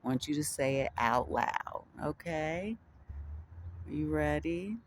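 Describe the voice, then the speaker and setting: A man hosting his own video, talking gently and haltingly to viewers, repeating words and coaxing them to answer aloud. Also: fairly high pitch, slight background noise. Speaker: video host teaching viewers. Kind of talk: slow, gentle monologue to the camera.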